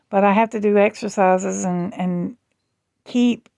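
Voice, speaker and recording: A woman vlogging at home in rambling, chatty talk with a gravelly fry. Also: mid-range voice, fairly even intonation, darkish tone, no echo. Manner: rambling, chatty, slow and drawling. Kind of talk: casual chat.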